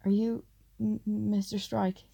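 A woman's voice: mid-range voice, flat delivery, takes it slowly, gravelly, mellow, husky, pitched above the performer's own voice, full character voice. A woman voicing a flustered young female office temp who speaks hesitantly and shakily. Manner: hesitant, quavering.

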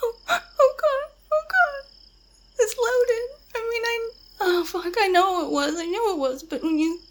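A woman's voice: extremely high pitch, brisk, a little hiss or hum. A woman playing a terrified, tearful pleading woman.

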